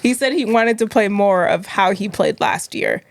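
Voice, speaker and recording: A woman co-hosting a sports podcast in casual chat, agreeing quickly and chiming in often. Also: mid-range voice, gravelly, no room sound, clean studio sound. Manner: agreeable, quick backchannels and laughs. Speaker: podcast co-host.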